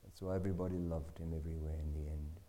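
A man preaching through a personal story, animated, with laughs and asides. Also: rumbling low, fast talker. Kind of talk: testimony storytelling.

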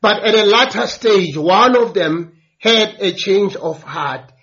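A man's voice: high-pitched, expressive, slow pace, a bit bright, dull audio. A man preaching a sermon, earnest and building emphasis through repeated phrases.

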